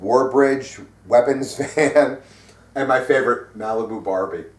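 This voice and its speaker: A man's voice: medium pitch, unhurried. A middle-aged man co-hosting a casual heavy metal news chat, rambling and profane with many fillers. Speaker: co-host. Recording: roomy sound from a distant mic.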